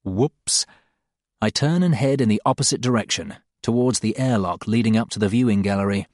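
A man's voice: fairly low pitch, fast talker, a little mellow, no echo. A man reading a first-person novel aloud in a dry, wry storytelling manner. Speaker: audiobook narrator. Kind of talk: scripted first-person narration.

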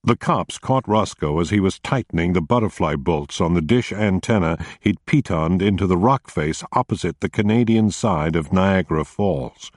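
Deep-voiced male audiobook narrator. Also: lively intonation, normal speed, few pauses, no echo, clean studio sound.

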